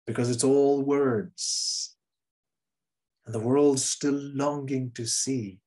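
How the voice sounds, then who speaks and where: Earnest male preacher, husky voice. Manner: earnest, emphatic, drops to soft low endings on key phrases; repeats and restarts phrases for emphasis. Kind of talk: sermon.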